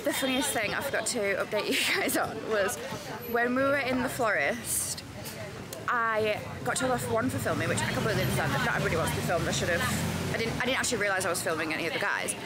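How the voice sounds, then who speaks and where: Over a noisy crowd, an English woman in her thirties vlogs to her handheld phone camera held at arm's length, talking quickly in a high-sided voice. She's chatty and bubbly, laughing often mid-sentence.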